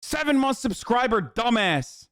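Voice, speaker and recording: A man livestreaming his reaction to a video, ranting angrily with constant swearing and bursts of shouting. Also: very high-pitched, big pitch swings, measured pace, dry recording, studio quality. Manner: angry, swearing, often shouting in disbelief. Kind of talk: heated profane rant.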